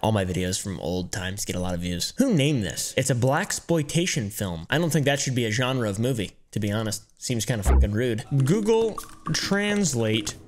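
A man in his twenties who swears a lot and reacts with loud exclamations in casual commentary as a YouTuber. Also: lowish voice, very animated, normal speed, music in the background. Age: 20s.

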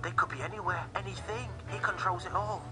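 An actress playing a terrified caller on a late-night radio show, panicked and pleading, sometimes whispering. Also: female voice, fairly low pitch, fairly even intonation, a little fast, music in the background, close to an everyday voice. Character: terrified young caller fleeing a monster.

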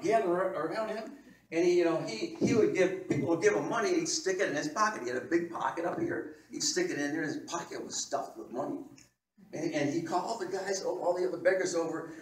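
A male pastor preaches with a fairly high voice, swinging from quiet asides to loud, excited bursts as he tells his stories. He stumbles over and repeats words while talking. The sound carries the echo of a church hall and comes from some distance away. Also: a little fast, slight background noise. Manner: animated, repeats words, laughs often. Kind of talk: sermon with storytelling.

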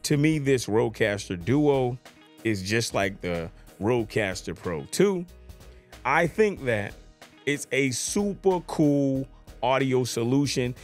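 Speaking into a USB podcast mic on his desk in a home studio, a male tech gear reviewer runs through a laid-back demo of some new audio equipment. His mid-range voice is animated but slow, with soft music playing behind him. He jokes around in a chatty, playful way and keeps asking if you follow.

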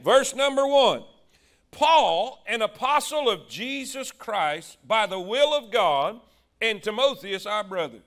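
A high-pitched man preaching at a slow, deliberate pace. He stretches out words for emphasis and calls on the congregation to respond. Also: fairly bright tone. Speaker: pastor. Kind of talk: sermon.

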